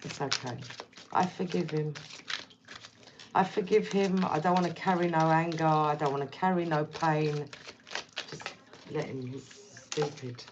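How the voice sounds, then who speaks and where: A woman with a low voice gives a casual tarot reading, talking to the listener bluntly and repeating her points. The recording is dull and lo-fi. A faint hiss sits underneath. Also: steady tone, normal speed. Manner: blunt, repetitive, direct address. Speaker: tarot reader.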